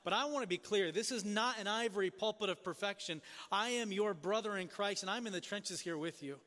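A man preaching a sermon as pastor, earnest and questioning, often dropping soft and low for emphasis. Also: a little fast, big-room sound.

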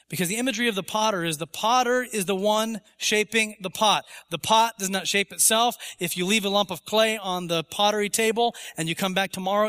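A man's voice: high voice, sharp tone, big-room sound. A man preaching a sermon in church as pastor, emphatic and rising to voice imagined objections. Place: church sanctuary.

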